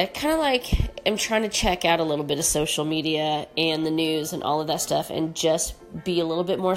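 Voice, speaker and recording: Woman, podcast host, nasal congested voice, candid, emphatic, casual solo talk, faint background music. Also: fairly low pitch. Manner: candid, emphatic, frank with mild swearing.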